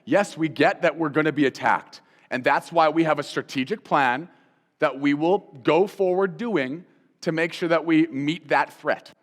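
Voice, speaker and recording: A man hosting a Christian teaching show, talking in an animated, conversational way, repeating phrases for emphasis and putting direct questions to the listener. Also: a little high, moderate pace, long reverb tail. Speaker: host and Bible teacher.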